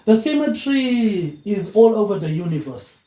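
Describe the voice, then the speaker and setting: A man rambles through a loose monologue, tagging his sentences with a casual "mate, eh". His voice sits a little high yet sounds mellow and warm. He records into a phone tablet with no microphone, so the room echoes around him. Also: sing-song, moderate pace. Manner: meandering, tags lines with "mate, eh". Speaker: vlogger.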